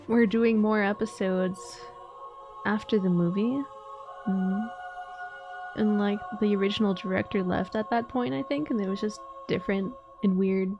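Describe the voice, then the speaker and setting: A woman's voice: medium pitch, a little mellow. A woman streaming a game, chatting playfully and rambling as she plays. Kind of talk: casual gameplay chat.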